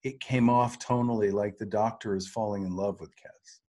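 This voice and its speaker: A man's voice: fairly low pitch, fairly even intonation, normal speed, mellow. A middle-aged man co-hosting a podcast, talking through an episode in a thoughtful, analytical way. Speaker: podcast co-host. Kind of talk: casual rewatch discussion.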